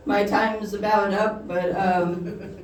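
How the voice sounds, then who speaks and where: A young woman performing a stand-up comedy set, talking in a halting way and often breaking into giggles. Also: mid-range voice. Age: young adult. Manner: halting, giggly delivery with frequent laughs. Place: small shop hosting a comedy night. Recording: roomy, distant mic with faint background noise.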